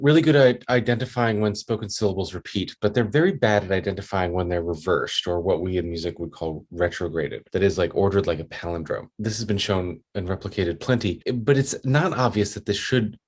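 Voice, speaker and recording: A man's voice: deep voice, brisk, hardly any pauses, slightly rough. A man presenting research at a conference, explaining study designs in a casual, explanatory way. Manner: explanatory, acts out dialogue examples casually. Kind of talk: academic talk presentation.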